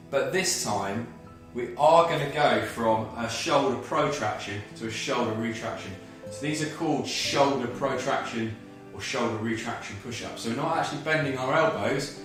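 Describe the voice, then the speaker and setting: A man's voice: medium pitch, moderate pace, hardly any pauses, fairly bright tone, heavy reverb, far from the mic, soft background music. Out-of-breath man guiding a workout. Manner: encouraging, talks through each move step by step. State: slightly out of breath. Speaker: fitness instructor. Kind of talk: guided exercise class.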